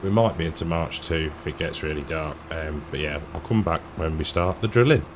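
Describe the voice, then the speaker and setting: A man's voice: extremely low pitch, a little fast, noisy background. A man giving casual, rambling commentary while playing a farming game, often chuckling to himself. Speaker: gaming YouTuber.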